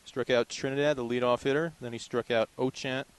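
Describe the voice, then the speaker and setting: A young man calling a college baseball game pitch by pitch in steady, descriptive play-by-play. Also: a little fast, clear, resonant tone, low-quality recording. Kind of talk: live baseball play-by-play commentary.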